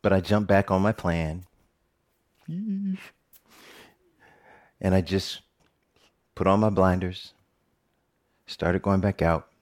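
A middle-aged man, a television reporter, telling a personal story in a talk with animated, joking delivery. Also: takes it slowly, pauses often. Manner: animated, jokey storytelling with big pitch swings.

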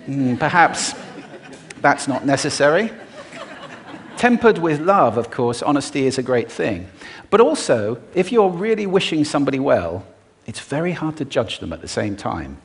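A man who is a voice expert gives a live talk on a stage before an audience and uses his own voice to demonstrate his points. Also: medium pitch.

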